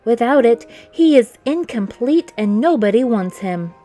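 A woman's voice: on the high side, expressive, measured pace, mellow, faint music behind, pitched above the performer's own voice. A woman reading a storybook aloud and voicing a sweet, caring little girl in a raised, pleading voice.

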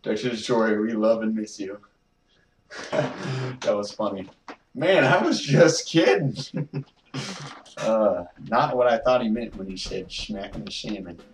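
A man's voice: fairly low pitch, fairly even intonation, a little slow, pauses often, a little hiss or hum. A man casually chatting as a gameplay co-host, rambling with lots of fillers. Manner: rambling, filler-heavy chat. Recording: roomy, distant mic with background music.

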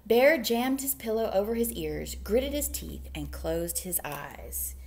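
A woman's voice: medium pitch, big pitch swings, slow pace, darkish tone. A woman, a children's librarian, reading a picture book aloud at storytime with playful asides to young listeners.

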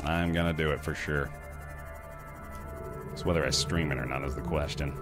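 A man's voice: extremely low pitch, fairly even intonation, normal speed, long pauses, over music. A man streaming a video game live, chatting casually and rambling between remarks on the game. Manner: chatty, rambling, jumps to loud yelps when startled.

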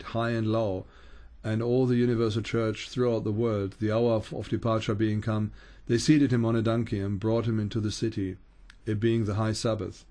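A man, a Bible teacher, reads an ancient account aloud at an unhurried pace, with small stumbles and restarts. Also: lowish voice, darkish tone.

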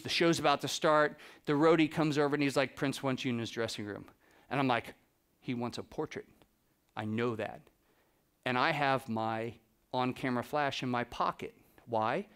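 A man giving a talk to an audience, telling lively anecdotes and acting out the dialogue with a laugh now and then. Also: on the high side, smooth. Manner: animated anecdotes, acts out dialogue, laughs often. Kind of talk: storytelling presentation to a live audience.

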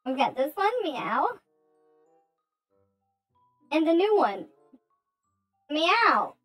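A woman streamer putting on a squeaky, playful cat-girl voice, tacking meows onto her sentences between giggles. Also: sing-song, very slow, a bit bright, faint music behind, exaggerated voice, poor audio. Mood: silly. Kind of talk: casual livestream chat.

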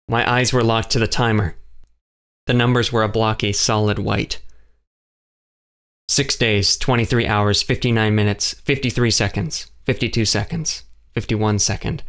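A man narrating an audiobook in the first person, in a measured, even way. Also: lowish voice.

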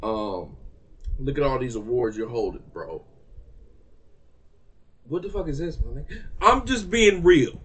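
A man's voice: mid-range voice, animated, measured pace, pauses often, a bit bright, breathy edge. A man giving a heated, profane rant to camera about a music release, repeating himself for emphasis. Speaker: music reaction vlogger.

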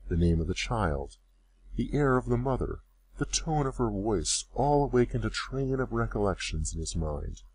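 A man reading a classic story aloud as narrator, in measured storytelling. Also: fairly low pitch, lively intonation, darkish tone, slight background noise. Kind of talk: scripted audiobook narration.

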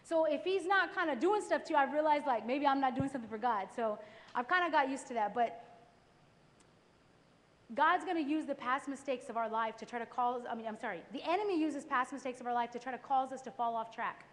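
A woman giving a testimony sermon at a church worship service, telling stories lively and acting out her own past thoughts. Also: high-pitched, brisk. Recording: echoey live church recording.

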